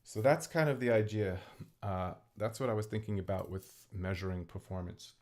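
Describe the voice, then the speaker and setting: A man with a fairly low speaking voice talks casually from his bedroom, explaining things as he goes. He often tags his sentences with "right?" and drops in "um" and "you know," with small restarts along the way. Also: normal speed, darkish tone. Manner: conversational, frequent "right?" tags and fillers; explaining, thinking aloud with restarts. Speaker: vlogger and hobby singer. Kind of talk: casual spoken talk to camera. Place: home bedroom.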